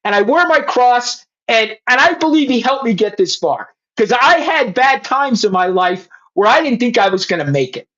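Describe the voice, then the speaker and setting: A man's voice: extremely high pitch, big pitch swings, normal speed, hardly any pauses, a bit bright. A middle-aged man, a former police chief, telling his faith story in blunt, profane words and speaking straight to the host. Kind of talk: emotional personal testimony. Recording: slightly muffled lo-fi sound.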